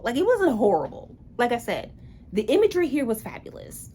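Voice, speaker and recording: A woman's voice: medium pitch, huge pitch swings, fairly quick, vocal fry, a little mellow, slight background noise. A woman giving a casual book review in a blunt, sarcastic way.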